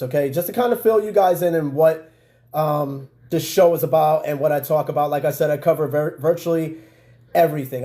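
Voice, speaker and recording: A middle-aged man with a New York accent talks loosely to his viewers. His voice sits a touch high but sounds dark and mellow. He rambles in easy, unscripted chat and scatters fillers as he goes. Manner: loose, chatty, frequent fillers and asides to viewers. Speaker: podcast host. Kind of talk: casual live-stream chat.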